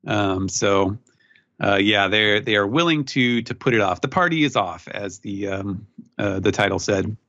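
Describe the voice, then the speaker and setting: A man hosting a podcast, recapping a manga chapter in casual chat with many fillers and quick put-on character voices. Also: fairly bright tone, no echo, dull audio. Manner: rambling recap, voices characters in sudden high put-on squeaks. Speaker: podcast host.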